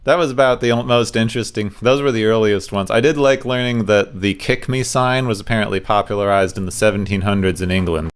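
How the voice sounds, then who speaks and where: A man co-hosts a casual podcast, sharing bits of trivia in an easygoing way. His voice sits on the low side. It sounds smooth and clear. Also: brisk, few pauses. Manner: relaxed, recounts trivia with fillers. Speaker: podcast co-host.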